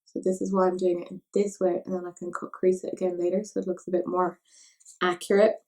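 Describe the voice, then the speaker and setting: A woman's voice: fairly low pitch, little pitch movement, fast, darkish tone. A young Irish woman chatting casually while doing her makeup, rambling and poking fun at herself. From Ireland. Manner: chatty, self-mocking, rambling asides. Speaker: makeup vlogger.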